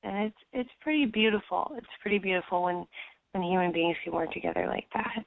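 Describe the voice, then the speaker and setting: Gravelly woman on a tinny line. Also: fairly low pitch, brisk, no room sound. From United States. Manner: rambling, many fillers and restarts. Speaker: actress, interview guest. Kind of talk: casual interview chat. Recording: dry tinny phone-like sound.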